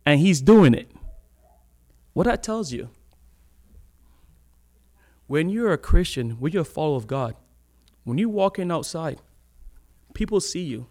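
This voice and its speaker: A man's voice: a little high, big pitch swings, unhurried, long pauses, darkish tone. A man preaching a sermon in a church, talking in a loose conversational way, laughing often and stretching out the words he wants to stress.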